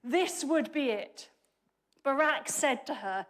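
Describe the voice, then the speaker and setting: A woman preaches a sermon in a high-pitched voice, lively, chatty and laced with humor. She often breaks off mid-phrase to restart and quickly correct herself.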